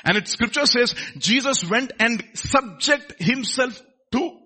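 Pastor guy preaching, keeps asking the crowd stuff, bright kinda husky voice. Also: very high voice, unhurried. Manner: animated preaching with questions to the congregation. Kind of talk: sermon.

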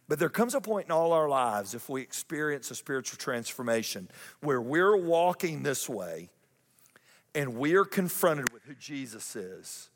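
A male pastor preaching a lively sermon, repeating phrases and climbing higher in pitch for emphasis. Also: big-room sound. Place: church auditorium.

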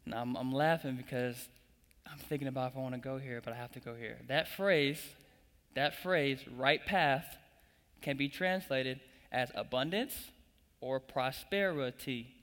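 A man's voice: mid-range voice, a little slow, fairly bright tone. A young man preaching a sermon, building up with emphatic repetition and calling the congregation to repeat after him. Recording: long echo of a large hall.

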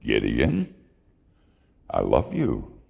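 A man voicing God as calm and patient, answering slowly and evenly. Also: vocal fry, husky, long reverb tail, heavily acted. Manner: low, slow and even.

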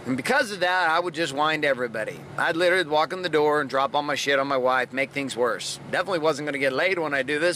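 A man hosts his podcast in a blunt, profane, fired-up monologue. His voice is very bright and sharp, a touch high for a man. Faint street noise hums behind him. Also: fast talker, hardly any pauses. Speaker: podcast host. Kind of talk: motivational monologue.

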